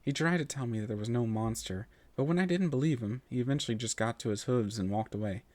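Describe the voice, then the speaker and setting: A man narrating a first-person story in an expressive, melodic reading voice. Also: mid-range voice, quick pace, dry recording.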